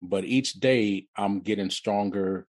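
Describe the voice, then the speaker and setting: Speaking as an interview guest, this fiftysomething Detroit native recounts his life haltingly, frequently repeating and restarting words. The voice runs on the low side and a little mellow, and the recording is dry.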